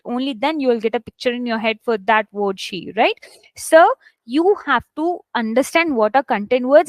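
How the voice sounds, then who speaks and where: A woman's voice: fairly high pitch, dry recording. A woman teaching an online English class. She gives examples, stresses words hard to show how it works, and often checks in with "right?". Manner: stresses words heavily to demonstrate. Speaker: English test instructor.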